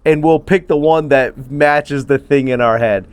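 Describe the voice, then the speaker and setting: A man co-hosting a casual podcast chat outdoors, telling stories with a quick, joking manner. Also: fairly high pitch, smooth. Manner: storytelling, quick to joke and laugh. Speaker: podcast co-host. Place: backyard, outdoors. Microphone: phone livestream.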